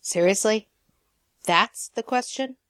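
A woman's voice: mid-range voice, takes it slowly, no room sound, pitched above the performer's own voice. A woman reading a story aloud, voicing a dry, sardonic young man who is a reluctant camper. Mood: wry. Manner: deadpan, sardonic.

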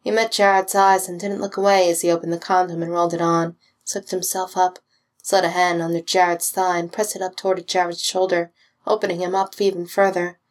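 A woman's voice: lowish voice, little pitch movement, brisk. Woman reading a story aloud. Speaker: reader. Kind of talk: reading fan fiction aloud.

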